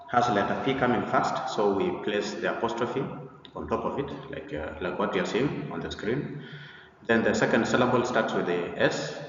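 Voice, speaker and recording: Echoey, distant male teacher explaining slowly. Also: fairly low pitch, slight background noise. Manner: deliberate, repetitive explaining with frequent "uh" pauses. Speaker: English teacher. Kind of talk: slide-based pronunciation lesson. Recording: echoey room, far from the mic, dull sound.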